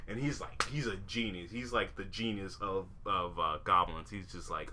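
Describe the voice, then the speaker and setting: Low-pitched and sharp in tone, this young podcast co-host talks at a normal speed with hardly any pauses, and there's a little hiss or hum. It's a casual chat, rambling and loaded with fillers, restarts, and swearing.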